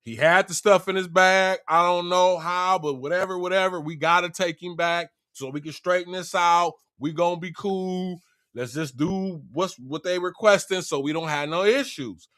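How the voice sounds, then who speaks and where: A man's voice: high-pitched, moderate pace, fairly bright tone, no echo, studio quality. A man voicing a group of flustered grown brothers in a casual retelling, slangy and protesting. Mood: pleading.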